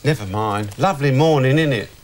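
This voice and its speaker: A performer playing a placid, resigned middle-aged husband. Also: female voice, rumbling low, brisk, darkish tone. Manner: mild and resigned.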